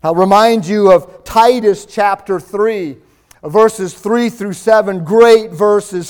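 A man's voice: high voice, slow, darkish tone, clean tone. A male pastor preaching a sermon in a church, building his emphasis as he reads scripture aloud.

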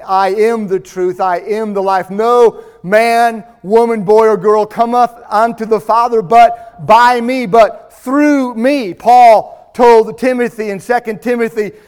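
Pastor guy preaching slow in a church, high smooth voice, gets loud on the scripture parts. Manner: preaches with rising emphasis, reads scripture aloud. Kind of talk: sermon.

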